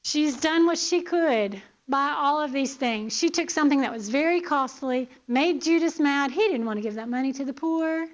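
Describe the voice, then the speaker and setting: A woman's voice: sits high, a little fast, few pauses, lo-fi sound. A woman teaching a Bible lesson in church, earnest, asking her listeners pointed questions and often checking in with "okay?".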